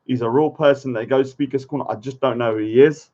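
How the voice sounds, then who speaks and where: A man talks straight to his camera in a loose, rambling way, breaking off to mutter asides. His voice sits at a middling pitch. The recording sounds dull and lo-fi. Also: steady tone, quick pace, warm tone. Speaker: vlogger. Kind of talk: casual commentary to camera.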